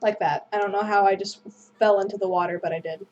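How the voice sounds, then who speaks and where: A woman's voice: mid-range voice, fairly even intonation, fast talker, darkish tone, dull audio. A woman hosting a gameplay video, rambling through casual commentary and apologizing self-deprecatingly. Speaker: gaming video host.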